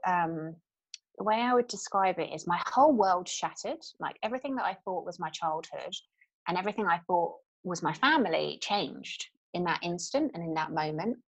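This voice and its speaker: A woman in her thirties speaks as an interview guest, her voice sitting on the lower side and carrying a soft breathiness. She tells her story candidly, pausing on fillers and starting phrases over. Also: breathy edge, rough recording. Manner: candid, halting, with many fillers and restarts.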